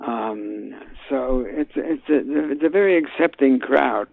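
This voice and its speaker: An older man, a guest actor, talking in a phone interview, halting with many fillers and restarts. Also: medium pitch, creaky. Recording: tinny phone line.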